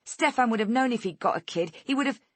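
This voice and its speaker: A cruel, taunting woman captor, acted by a female narrator, her voice raised and sharp as she sneers. The sound is close and dry. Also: fairly high pitch, animated, quick pace, no echo, pitched above the performer's own voice. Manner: sneering and snapping.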